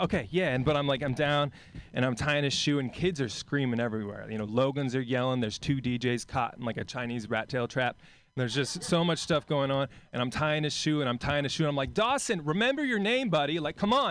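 A man performing stand-up comedy on a club stage, chatting with the crowd and acting out characters. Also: medium pitch. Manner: crowd work, acts out kids in voices. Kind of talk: stand-up set.

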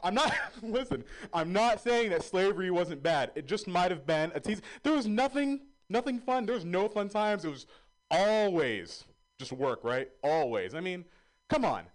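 A man doing stand-up in a comedy club, self-deprecating and chatty. His fairly high voice leaps up and down as he tells stories and acts out other people. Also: big pitch swings, normal speed.

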